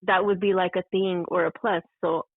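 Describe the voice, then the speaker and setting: A woman's voice: lowish voice, flat delivery, moderate pace, no echo. A woman calling in to a show, chatting casually and laughing easily, heard over a phone line. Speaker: guest caller. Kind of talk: casual chat. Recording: dry tinny phone line.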